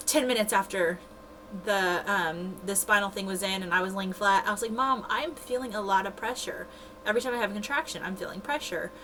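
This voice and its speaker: Brief: young woman, vlogger, bright and forceful tone, chatty with lots of fillers, faint room hum. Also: mid-range voice, rough recording. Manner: chatty, laughs often, frequent "like" fillers. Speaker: new mother telling her birth story. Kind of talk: casual vlog storytelling.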